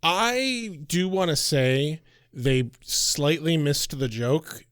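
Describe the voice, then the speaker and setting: A man's voice: on the high side, animated, very slow, a bit bright, clear, resonant tone, no echo, clean studio sound. Laughing, swearing male podcast co-host. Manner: laughs often, swears casually. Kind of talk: casual chat.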